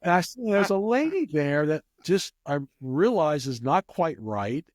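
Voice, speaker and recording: A man's voice: a little high, very animated, unhurried, no room sound, clean studio sound. A man telling a rambling casual story as an interview guest, with many restarts. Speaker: guest, craps player.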